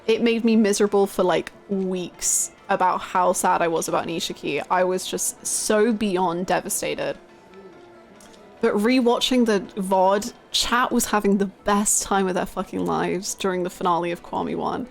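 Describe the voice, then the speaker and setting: A young British woman streaming a game and chatting with viewers, telling stories in an animated, laughing way. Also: mid-range voice, moderate pace, vocal fry, faint music behind. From United Kingdom. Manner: animated, laughing storytelling, reading chat aloud. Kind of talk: casual live-stream chat with viewers.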